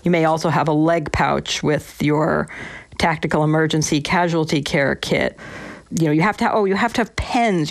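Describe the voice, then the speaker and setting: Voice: mid-range voice, dry recording. A former police officer as a guest, recalling patrol stories in a reflective way with frequent restarts. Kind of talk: interview storytelling.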